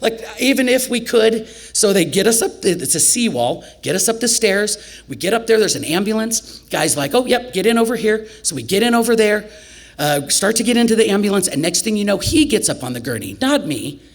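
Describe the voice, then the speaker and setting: A woman from Nebraska telling a story on stage at a storytelling festival, conversational and animated, with laughter, acting out quoted lines with big leaps in pitch. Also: fairly quick. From Nebraska, USA. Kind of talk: live storytelling performance.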